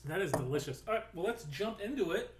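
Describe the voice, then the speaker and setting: A man hosting a podcast in casual chat, relaxed and prone to trailing off and restarting. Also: high voice, fast, background noise. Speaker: podcast host. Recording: roomy echo.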